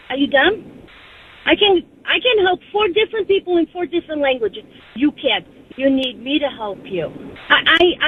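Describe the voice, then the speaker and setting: A woman calling in to a radio show, ranting bluntly and indignantly. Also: high-pitched. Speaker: caller. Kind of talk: call-in radio rant. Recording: phone line.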